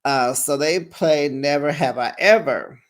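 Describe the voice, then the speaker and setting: Slow, sassy chatty recap host. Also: medium pitch. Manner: chatty and sassy, with drawn-out asides and squealing mock quotes. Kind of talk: casual recap commentary.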